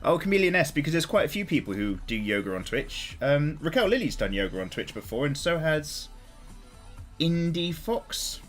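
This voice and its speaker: Lively chatty man streaming. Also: fairly high pitch, normal speed, faint music behind. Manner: chatty and animated, swears freely, greets viewers. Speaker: live streamer drawing on stream. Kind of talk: casual live-stream chat.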